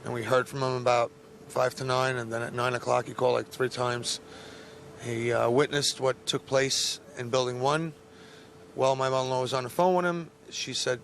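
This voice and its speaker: A man's voice: medium pitch, fairly even intonation, fairly quick, a bit bright. A man speaks earnestly during an on-location interview. He sounds emotional but determined. A faint hum of background noise stays behind him. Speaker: interviewee, relative of a missing man.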